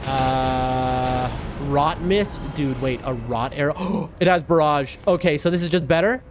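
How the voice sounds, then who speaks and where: Here a game streamer with a fairly high-pitched voice keeps a measured pace against background noise. He chats casually, tells a meandering story, and keeps laughing and restarting as he reacts to the game.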